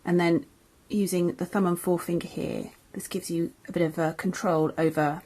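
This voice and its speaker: A woman's voice: lowish voice, little pitch movement, normal speed, dark tone. A young English woman, a crochet designer, teaching a beginner's tutorial in a chatty, friendly way that often corrects itself as she goes. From England. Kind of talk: casual tutorial.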